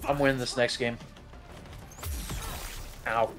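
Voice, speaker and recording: A man's voice: mid-range voice, little pitch movement, slow pace. A man live-streaming a fighting game, talking to his chat in casual slang, cursing and calling people bro. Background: game music.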